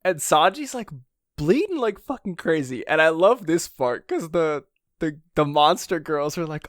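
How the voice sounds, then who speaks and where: A man co-hosting a podcast in casual chat, excitable, laughing often and swearing casually. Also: on the high side, a little slow, dry recording, clean studio sound. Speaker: podcast co-host.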